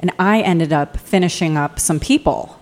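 A woman hosting a podcast, speaking in a relaxed, conversational way. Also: lowish voice, normal speed. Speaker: podcast host. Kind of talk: casual chat.

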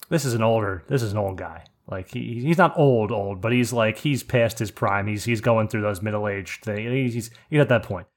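A man, co-hosting a casual podcast, telling stories animatedly and swearing a lot as he gets worked up. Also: on the low side. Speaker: podcast co-host.

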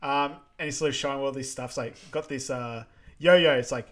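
A man's voice: mid-range voice, brisk, fairly bright tone. A young man co-hosting a podcast, casually recapping a comedy film and laughing often as he retells scenes. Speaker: podcast co-host. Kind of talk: casual movie recap chat.

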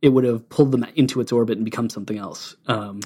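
A man's voice: mid-range voice, fairly even intonation, dark tone, slightly rough. Reflective man in podcast chat. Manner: reflective, pauses with "um". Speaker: podcast co-host. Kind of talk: casual chat about an album.

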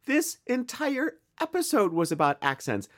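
Lively Midwestern American man. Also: extremely high pitch, moderate pace. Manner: rambling and animated. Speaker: podcast co-host. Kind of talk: casual chat.

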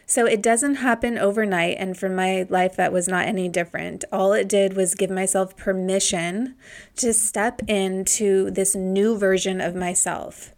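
A woman's voice: mid-range voice, gravelly. A woman in her thirties hosting a podcast, telling a personal story in a reflective, heartfelt way. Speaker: podcast host.

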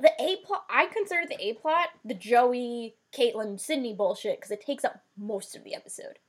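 A woman's voice: on the high side, animated, moderate pace, husky. A woman co-hosting a podcast, emphatically recapping a TV show and swearing freely. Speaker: podcast co-host. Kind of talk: casual chat recapping a TV show.

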